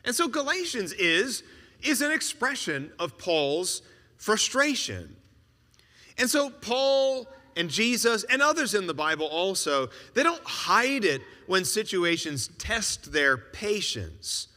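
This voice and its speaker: A man preaching a sermon, animated and asking rhetorical questions with joking asides. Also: high voice, takes it slowly, big-room sound.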